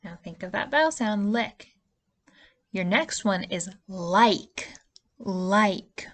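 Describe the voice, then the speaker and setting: A woman's voice: medium pitch, lively intonation, takes it slowly, a bit bright. A woman teacher giving a spelling lesson to young children, patient and stretching out the vowel sounds. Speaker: early-years teacher.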